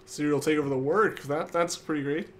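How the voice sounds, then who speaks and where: A man's voice: on the high side, a little fast, a little hiss or hum. A young man streaming a game, reading his chat aloud and answering viewers in a casual way.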